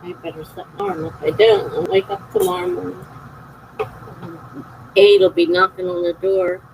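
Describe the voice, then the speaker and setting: A woman's voice: lowish voice, background noise. A woman with a South Jersey accent, a writer chatting casually on a live writing-sprint stream and reading out viewer comments. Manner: slow, gravelly delivery with frequent laughs.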